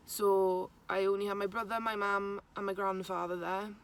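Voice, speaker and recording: A young woman, haltingly retelling a personal story to camera, with many restarts. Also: medium pitch, level tone. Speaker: vlogger.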